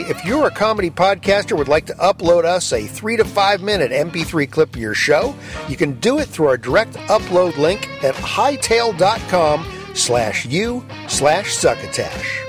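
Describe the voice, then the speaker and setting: A man hosting a comedy podcast, signing off the show in an upbeat, chatty way. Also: high-pitched. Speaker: podcast host. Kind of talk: show sign-off. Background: guitar music.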